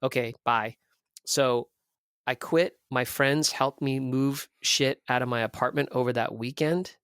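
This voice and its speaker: A man from Southern California talks through his past in a blunt, profane, animated way, slipping into the voices of people he quotes. His voice sits at an ordinary middle pitch, and it is recorded dry and close with little room sound. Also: unhurried, clear, resonant tone, no room sound. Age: 30s. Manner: blunt, profane, animated storyteller who acts out quoted dialogue. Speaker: podcast guest. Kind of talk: candid conversational storytelling.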